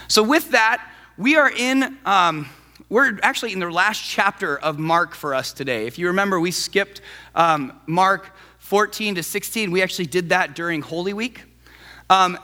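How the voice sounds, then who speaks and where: A man preaching a sermon as pastor in an animated, conversational way. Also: high voice, in a large hall.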